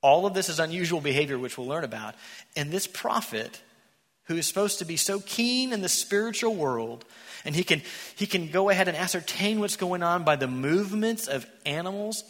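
A man preaching a sermon in a church, an animated storyteller who acts out the characters. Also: on the high side. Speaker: pastor. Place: church sanctuary. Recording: echoey church hall.

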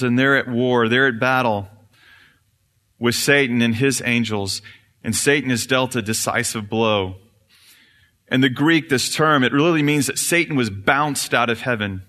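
A man's voice: medium pitch, pushed and bright. A male pastor preaching an earnest, explanatory sermon in a church. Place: church sanctuary. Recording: reverberant church hall.

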